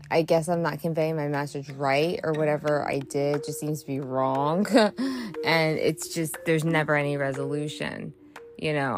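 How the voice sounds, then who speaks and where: A woman hosting a solo podcast monologue, ranting heatedly with lots of swearing and scattered, restarting thoughts. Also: low voice. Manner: profane, rambling rant; heated and frustrated. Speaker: podcast host.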